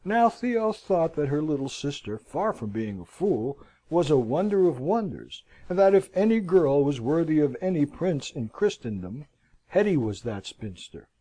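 A man narrating a classic novel as an audiobook, in an expressive, wry storytelling manner. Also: a little high, normal speed.

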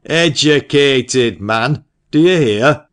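A man voicing a brusque, sharp-tongued old male parson in an audiobook, loud and scolding. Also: medium pitch, animated, takes it slowly, clear, resonant tone, pitched above the performer's own voice. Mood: gruff. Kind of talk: audiobook character reading.

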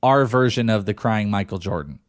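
A man's voice: fairly low pitch, animated, a little fast, no room sound, studio quality. A man hosting a casual sports talk show who teases and jokes in banter. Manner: joking, teasing banter.

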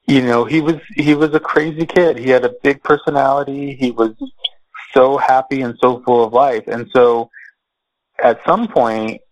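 Man telling a family story slowly. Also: mid-range voice, fairly even intonation, dry recording, lo-fi sound. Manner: slow, measured, halting with fillers. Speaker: interview guest. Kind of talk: personal storytelling.

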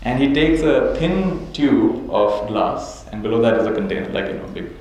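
A man's voice: medium pitch, expressive, normal speed, creaky, darkish tone. A man teaching a live audience as a spiritual teacher, telling stories, chuckling often and checking in with "right?". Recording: very echoey hall, faint noise.

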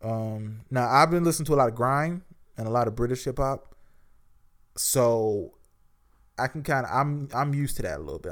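A man giving a casual, rambling spoken album review as a show host, full of fillers and restarts. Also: medium pitch.

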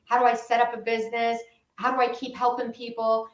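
A woman working as a patient advocate, telling a story in an interview with lively, re-enacted dialogue. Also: on the high side, a little fast, roomy sound, muffled recording, faint music behind.

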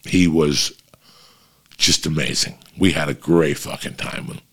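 A middle-aged man hosting a show, telling a story in casual, profane, animated chat to his listeners. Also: a bass voice, measured pace, husky. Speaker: podcast host.

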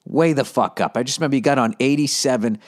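A man in his fifties hosting a solo comedy podcast, rambling through profane, animated stories full of asides. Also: mid-range voice, fast. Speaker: podcast host.

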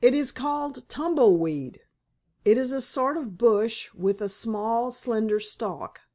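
A woman's voice: fairly high pitch, animated, takes it slowly, warm tone, pitched above the performer's own voice. A woman reading the part of a cheerful pioneer father who explains things to his children in an audiobook.

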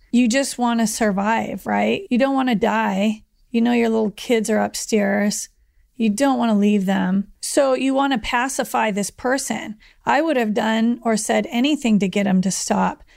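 Gravelly woman recounting an ordeal. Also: a little high, darkish tone. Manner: earnest, reliving events, with plain spoken retelling. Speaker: survivor telling her story. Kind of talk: documentary interview testimony.

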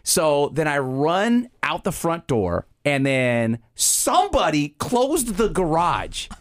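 A man's voice: fairly high pitch, slow. A young man co-hosting a casual podcast, spinning a funny story from his own life. His voice rises and falls a lot as he goes. He slips into other people's voices as he tells it. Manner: animated storyteller, acts out voices. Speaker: podcast co-host.

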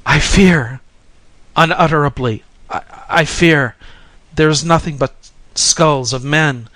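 A man's voice: a little high, slow pace, a bit bright, no room sound, pitched above the performer's own voice. A man voicing a frightened young male pilgrim who shrieks and pleads in fear, in a storybook reading. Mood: terrified.

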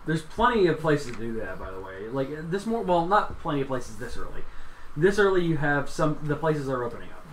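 A man's voice: on the high side, brisk. A man narrating a tabletop game as game master, laughing often as he describes scenes. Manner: laughs often, animated delivery. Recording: roomy echo with faint background noise.

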